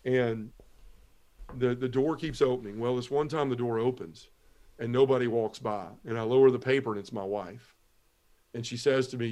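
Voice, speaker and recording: His medium-pitched voice is brisk, a little mellow, and fairly even in intonation. The middle-aged man, a guest on a talk show for a podcast interview, shares his earnest personal testimony step by step, with Southern phrasing and acted-out lines from others.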